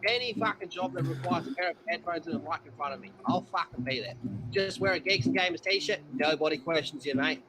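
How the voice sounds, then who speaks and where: A man's voice: fairly high pitch, fast, background noise, natural voice. A man doing a crude, boastful Aussie gamer streamer. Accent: Australian. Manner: swaggering, swears constantly, rambling brags. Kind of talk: cartoon parody voice acting. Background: loud guitar music.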